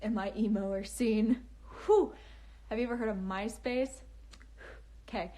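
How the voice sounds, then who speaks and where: A woman's voice: a little high, unhurried, dark tone. A young woman chatting casually on a phone live stream, giggling often and speaking in a valley-girl lilt full of fillers. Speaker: livestreaming author.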